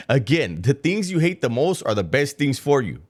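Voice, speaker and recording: A man's voice: medium pitch, big pitch swings, a little slow, darkish tone. A man giving reaction commentary on a played clip, sarcastic and mocking, with a casual storytelling manner.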